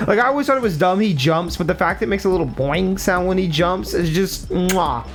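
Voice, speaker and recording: A man streaming a video game with casual, excitable commentary and sudden swearing outbursts. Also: high voice, brisk, hardly any pauses, slight background noise. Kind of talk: casual live gameplay commentary.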